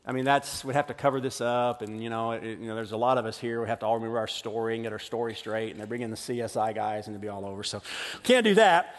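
A man voicing resentful shepherd brothers who plot murder, in a low conspiratorial mutter. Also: big pitch swings, quick pace, pauses often, in a large hall. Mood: scheming.

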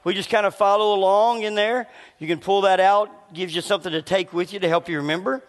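A pastor delivers a sermon in a relaxed, conversational way, his voice set fairly high with a slight rasp, and he pauses to cough as if he needs a cough drop. The long reverb of a large church sanctuary trails after his words.

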